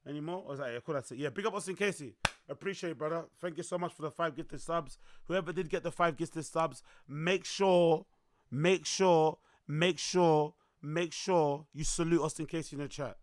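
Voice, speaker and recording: A young man, his voice worn hoarse, chatting loosely to his livestream audience, repeating himself and swearing as he goes. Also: a little high, normal speed. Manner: loose, repetitive, swearing, talks to chat. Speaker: livestream host. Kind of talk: casual livestream chat.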